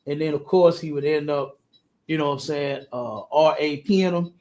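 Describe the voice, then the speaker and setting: High-voiced man telling an animated story. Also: normal speed. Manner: repeats words, laughs often, acts out quotes in a high voice. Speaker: podcast host.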